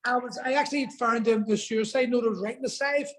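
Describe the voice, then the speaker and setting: A man's voice: very high voice, fairly even intonation, fast, fairly bright tone, faint music behind, rough recording. A man telling a personal story as a podcast guest, earnest and emotional, swearing for emphasis.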